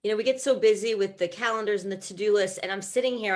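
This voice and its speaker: A woman's voice: medium pitch, fairly even intonation, fast talker, hardly any pauses. A woman who is a talk show guest and breast cancer advocate, telling her personal story in a chatty, heartfelt way with many fillers and restarts.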